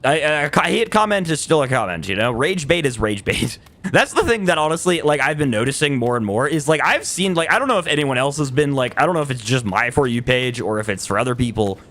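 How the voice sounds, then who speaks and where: A man talking off the cuff while he streams a game, his voice sitting in an ordinary middle pitch. He rambles and doubles back on his words, breaks off half-sentences, and chuckles between his points. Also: sing-song, a little fast, a bit bright. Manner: rambling, self-correcting, trails off and laughs. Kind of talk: casual livestream chat while gaming.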